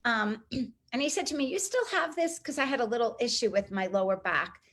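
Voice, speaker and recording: A middle-aged woman telling a personal story as an interview guest, lively and acting out the people she quotes. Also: on the high side, fairly quick. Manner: animated, acts out quoted voices.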